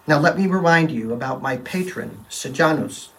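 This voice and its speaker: A man's voice: a little high, expressive, moderate pace, fairly bright tone, recorded from a distance, poor audio. A man playing a troubled, defensive middle-aged Roman governor in a first-person dramatic monologue, telling his story in a brooding, confessional way with emphatic quoted lines.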